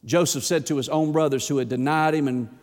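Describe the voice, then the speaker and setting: A man with a high voice preaches a sermon, pushing his lines up hard and then dropping them low. His voice rings out through a long hall reverb in a church sanctuary. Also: fairly even intonation, fairly quick, a little mellow. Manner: preaching with emphatic, rising and falling delivery. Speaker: pastor.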